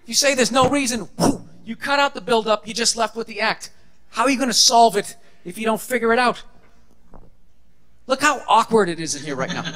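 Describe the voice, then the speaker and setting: Male stand-up comic, high and piercing, sarcastic profane rant on a live stage. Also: pushed and bright. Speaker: stand-up comedian. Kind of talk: stand-up comedy set. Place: comedy stage before a live audience.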